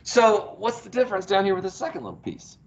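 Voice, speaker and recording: A man's voice: high-pitched, sing-song, quick pace, highs cut off, slight background noise. A male math teacher, lecturing a class, asking questions and praising the answers. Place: classroom, heard through a small speaker.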